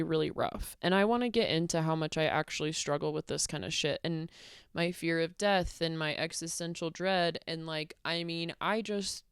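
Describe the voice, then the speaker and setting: Candid low-voiced woman ranting to camera. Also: smooth, dry recording, studio quality. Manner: candid, rambling, swears freely with many "like"s. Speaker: vlogger. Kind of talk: personal rant vlog.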